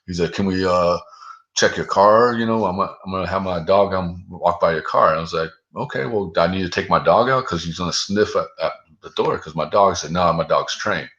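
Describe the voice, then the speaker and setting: A man with a very low voice and a forceful, bright edge tells a long personal story. He talks loosely and profanely, filling his talk with 'dude' and 'like'. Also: fairly quick, dull audio. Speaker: guest. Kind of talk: casual storytelling.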